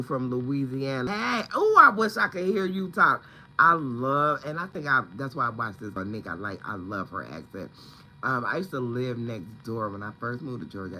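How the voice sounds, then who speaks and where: A man's voice: medium pitch, sharp tone, a little hiss or hum, rough recording. A man chatting casually on a home livestream, rambling and greeting viewers by name. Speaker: livestream host. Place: at home, indoors.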